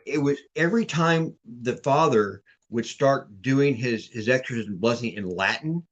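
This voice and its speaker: Podcast guest, man, mid-pitched, casual and rambling, repeats and restarts, on a video call. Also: expressive, measured pace, muffled recording. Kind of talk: casual storytelling chat.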